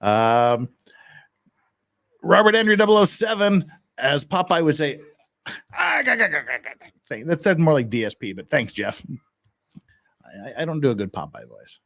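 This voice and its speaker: A man's voice: a little high, animated, normal speed, pauses often, fairly bright tone. A man hosting a live stream, reading viewer messages and making joking, rambling asides. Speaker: streamer reacting to hearings. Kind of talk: casual live-stream commentary.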